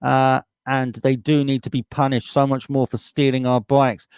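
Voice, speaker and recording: A man's voice: mid-range voice, little pitch movement, normal speed, darkish tone, smooth, no room sound, clean studio sound. A man with a British accent hosting a live stream, reading out viewer comments in a casual, blunt way and swearing freely as he gets heated. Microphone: desktop USB microphone.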